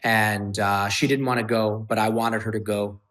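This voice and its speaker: A man's voice: fairly low pitch, level tone, moderate pace, fairly bright tone. Intense, blunt man telling his story. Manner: intense, profane, repetitive emphasis. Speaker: interview guest. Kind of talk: personal storytelling.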